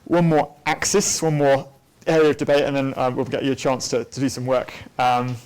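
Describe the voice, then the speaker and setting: A man's voice: medium pitch, little pitch movement, normal speed, a little mellow, clear, resonant tone. A man giving a church teaching talk on theology, thoughtful and unscripted, with frequent ums and restarts. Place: church hall at a weekend away.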